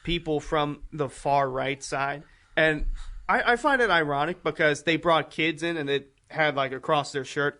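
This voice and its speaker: A man's voice: a little high, moderate pace, pushed and bright. A man co-hosting a podcast, recounting a story casually with hesitant restarts. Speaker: podcast co-host. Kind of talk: casual chat.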